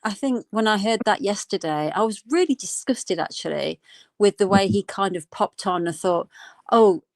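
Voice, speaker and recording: A woman's voice: mid-range voice, moderate pace, no echo. A woman calling into a live stream in casual chat, hesitant with many ums and you-knows, sounding indignant. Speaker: caller on a livestream panel.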